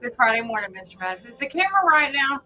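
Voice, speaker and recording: A woman's voice: a little high, big pitch swings, rapid-fire, bright, forceful tone, faint music behind, low-quality recording. A woman hosting a casual morning radio show, chatty and rambling as she greets listeners by name. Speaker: radio host. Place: radio studio.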